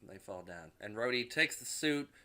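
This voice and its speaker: A man's voice: mid-range voice, animated, moderate pace, bright, forceful tone. A man casually recapping a movie in rambling, profane talk with frequent restarts. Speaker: movie reviewer.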